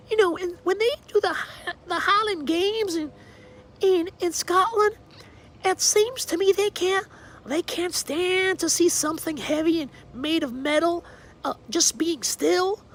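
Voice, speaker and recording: A folksy Southern gentleman, as a man puts him on, rambles along in a thick Savannah drawl. He muses in homespun sayings, wandering from one thought to the next. It sounds like he's talking outdoors on a backyard deck. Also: very high voice, unhurried, voice pushed up. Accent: Savannah, Georgia.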